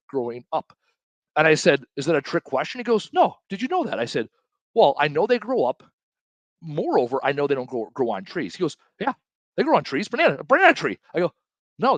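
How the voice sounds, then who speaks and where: Guy hosting a self-help talk, pitch jumps all over, dry close sound. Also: no echo. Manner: animated, acts out quotes in different voices. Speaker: host. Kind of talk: casual motivational talk.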